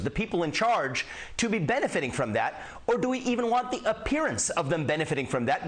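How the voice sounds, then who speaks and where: Man, interview guest, somewhat high voice, earnest, lays out arguments. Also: a bit bright. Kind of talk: live news interview.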